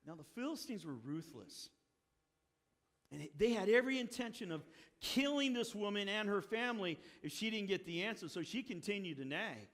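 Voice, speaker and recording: A male pastor preaching a sermon and telling the story with animated energy, acting out the characters' lines. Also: high-pitched, moderate pace. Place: church sanctuary. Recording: long hall reverb.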